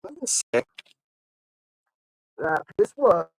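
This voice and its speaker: A man's voice: sits high, slow, vocal fry, poor audio. A man hosting a live online show, telling a long story in a casual, rambling way and acting out the other people's lines. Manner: animated, acts out other people's lines in the stories; rambling, with frequent fillers and restarts. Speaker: livestream show host.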